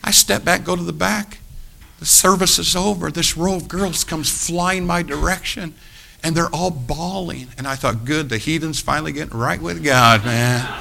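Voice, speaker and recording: A man preaching, telling a long story about himself in an animated, self-mocking way, acting out the quotes. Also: a little high, creaky. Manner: animated anecdote with acted quotes, laughing at himself. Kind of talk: storytelling sermon.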